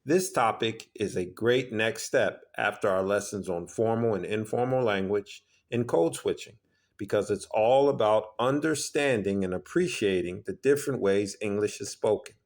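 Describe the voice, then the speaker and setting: Lowish-voiced man teaching English. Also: a little mellow. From Philadelphia, USA. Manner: upbeat, explanatory, acts out sample phrases. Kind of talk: scripted lesson narration.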